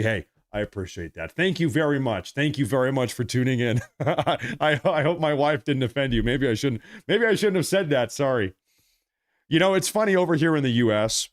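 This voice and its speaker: A middle-aged man hosting a live stream, reading viewer messages and commenting in a casual, animated, repetitive way. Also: medium pitch. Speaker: livestream host reading super chats.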